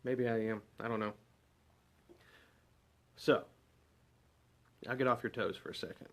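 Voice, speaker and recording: A man's voice: mid-range voice, a little slow, fairly bright tone. A man preaching a casual devotional sermon, talking conversationally and asking many rhetorical questions. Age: adult parent.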